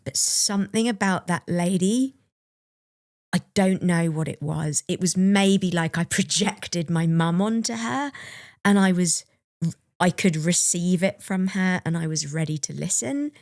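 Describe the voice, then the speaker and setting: Low-voiced woman telling a personal story. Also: unhurried, vocal fry, darkish tone, no echo, studio quality. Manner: open, reflective, laughs while recalling. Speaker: podcast co-host.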